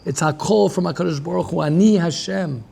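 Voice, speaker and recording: A man who is a rabbi giving a lively class, repeating himself and restarting often as he talks with the audience. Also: on the high side, brisk, gravelly, husky.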